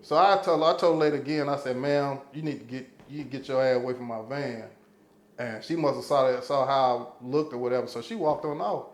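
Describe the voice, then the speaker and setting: A man's voice: medium pitch, brisk, echoey room. A man telling a story in casual podcast chat, cursing freely and acting out what people said. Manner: profane, animated storyteller, acting out quotes. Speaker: podcast guest.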